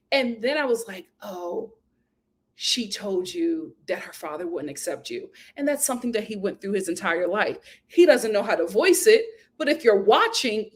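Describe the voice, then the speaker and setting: Animated gossipy woman recapping a show. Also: on the high side. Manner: animated, gossipy, laughs often, acts out quotes. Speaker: host. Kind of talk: casual recap commentary.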